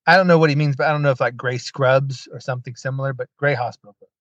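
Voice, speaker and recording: Male podcast host, casual storyteller who acts out quotes with sarcastic asides. Higher-pitched, lo-fi dry recording. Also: steady tone, quick pace, fairly bright tone, no echo. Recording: dull lo-fi dry sound.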